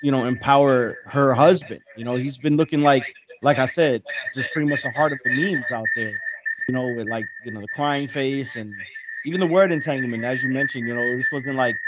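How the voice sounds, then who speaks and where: Man, panelist, casual chat, measured and filler-heavy, dull audio, loud noise. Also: medium pitch. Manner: measured, many "you know" fillers. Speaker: podcast panelist.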